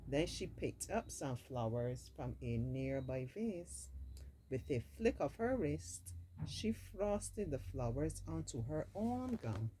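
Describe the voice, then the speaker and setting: A woman's voice: low voice, sing-song, slow pace, dark tone, slight background noise, rough recording. A woman reading a storybook aloud expressively, dropping in casual asides of her own. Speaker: storybook reader.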